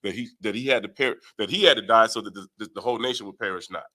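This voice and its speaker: A man's voice: lowish voice, rapid-fire, sharp tone. A man leading a Bible study, reading verses aloud and explaining them, often asking "right?". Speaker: Bible teacher. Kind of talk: scripture study talk.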